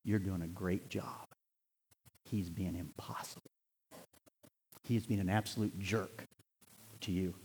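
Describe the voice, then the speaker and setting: An older man preaching a sermon in a church, swinging between impassioned near-shouts and quiet storytelling. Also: low voice, fairly even intonation, measured pace, long pauses, slight background noise. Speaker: pastor. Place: church sanctuary. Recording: long hall reverb.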